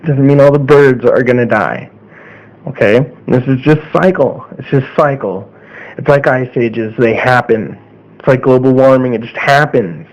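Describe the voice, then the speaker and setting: A man's voice: medium pitch, normal speed, poor audio. A man giving a casual opinion monologue as a vlogger, earnest and checking in with "okay?" after many points. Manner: earnest, repeats "okay?" often.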